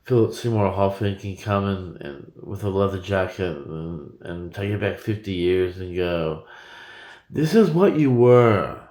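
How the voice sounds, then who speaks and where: A man's voice: deep voice, steady tone, a little slow, few pauses, a little mellow, echoey room. A man in his forties talking in a rambling, profane monologue with frequent stammered repetitions. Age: 40s.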